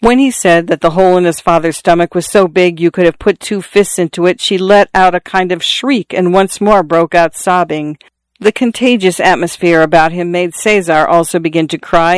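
A narrator reading a literary short story in a measured, even storytelling manner. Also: medium pitch, clean tone, no echo. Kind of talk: scripted audiobook narration.

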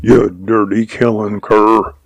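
A man's voice: on the low side, level tone, takes it slowly, vocal fry, dry recording, exaggerated voice. A man voicing a hot-tempered outlaw cowboy who sneers and raves. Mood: sneering. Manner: sneering, raving.

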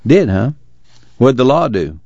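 A man voicing a steady young married mechanic with a terse rural drawl. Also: mid-range voice, measured pace, no echo, voice pushed down. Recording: dull lo-fi dry audiobook recording.

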